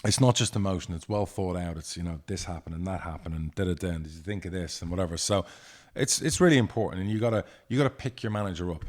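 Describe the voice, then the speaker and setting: A man's voice: deep voice, fast talker, few pauses. A man, a football club chairman, co-hosting a casual podcast and telling stories in a blunt, profane way. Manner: blunt, profane, lively storytelling.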